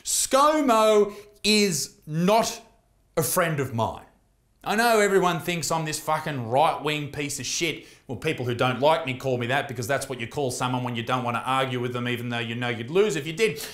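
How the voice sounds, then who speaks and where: A man's voice: mid-range voice, animated, fairly quick, a bit bright, echoey room. A young Australian man, a comedian, delivering a crude, sarcastic political rant full of swearing.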